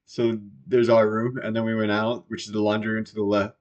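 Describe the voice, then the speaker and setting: A young man, a podcast guest, talking casually with some swearing and quick agreements. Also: lowish voice, level tone, dull audio. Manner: casual and profane, chiming in with short agreements. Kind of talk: casual chat.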